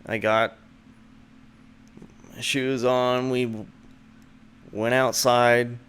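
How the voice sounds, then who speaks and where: A man hosting his own show, telling a rambling personal story full of "like" and "and then," putting on a higher voice to mock what others said. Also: flat delivery, very slow, a bit bright, smooth. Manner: mocks the friend's lines in a higher voice. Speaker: show host. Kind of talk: casual storytelling.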